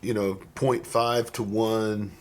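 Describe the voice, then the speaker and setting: A man's voice: fairly low pitch, little pitch movement, takes it slowly, a little hiss or hum. A man talking as an ER physician co-hosting a podcast, rambling and restarting his sentences often in casual conversation.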